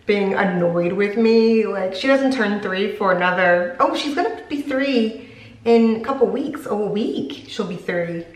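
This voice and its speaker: A young woman chatting casually through a hair tutorial at home, rambling and poking fun at herself. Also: medium pitch. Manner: chatty, rambling, self-mocking. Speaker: beauty vlogger. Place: home room. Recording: echoey room.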